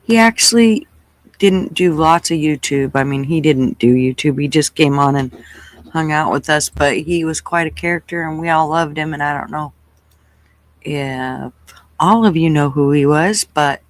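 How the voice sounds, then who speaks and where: A host chatting casually on a livestream, relaxed and greeting viewers one by one by name. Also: medium pitch, moderate pace, dry recording, low-quality recording.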